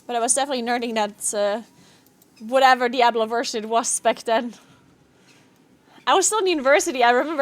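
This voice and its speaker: A woman's voice: high-pitched, normal speed, no room sound. A woman in her thirties streaming a game, chatting casually, laughing often and swearing freely. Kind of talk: casual live-stream chat.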